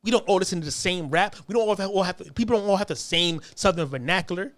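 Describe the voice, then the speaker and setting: A man's voice: high-pitched, fast talker, a bit bright, no room sound. An American man delivering a heated, profane monologue, hammering his points with repeated phrases. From United States. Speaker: commentator.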